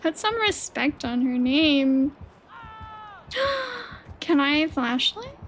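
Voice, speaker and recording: A woman streaming a game live, chatting with teammates in an excitable way, swearing and squealing. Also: sits high, very slow, slight background noise. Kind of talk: live gameplay chat with teammates.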